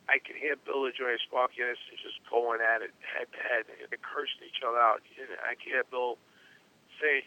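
A middle-aged man spins long, rambling stories in a casual interview. He repeats phrases and gets animated as he talks, and the recording sounds dull and lo-fi. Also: mid-range voice, moderate pace. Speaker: former pro baseball catcher, guest.

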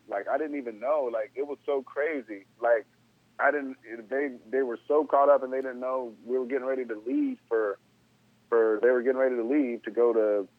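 A man spins a casual story full of slang and easy asides, getting animated when something sounds unbelievable. His voice is dry and narrow-band, thin like a phone call. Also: medium pitch, no echo. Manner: laid-back, slangy, animated when incredulous. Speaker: former pro baseball player, guest.

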